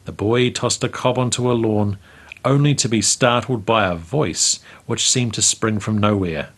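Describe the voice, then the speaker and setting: A man, reading a memoir aloud in a measured, storytelling way as the show's host. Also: on the low side. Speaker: host reading local history stories. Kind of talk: read-aloud memoir narration.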